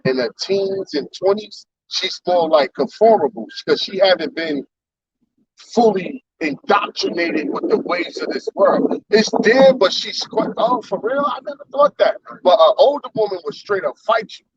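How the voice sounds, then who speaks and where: Man, high lively voice, husky gravelly tone, blunt preachy talk, distant dull mic. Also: measured pace, no room sound. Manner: blunt and crude, quoting scripture. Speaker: men's ministry host. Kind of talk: casual church talk.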